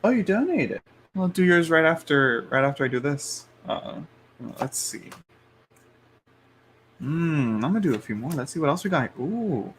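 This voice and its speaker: A man's voice: a little high, animated, normal speed, pauses often, a bit bright, a little hiss or hum. A man hosting a live tarot reading stream, rambling along with lots of fillers and restarts and frequent chuckles.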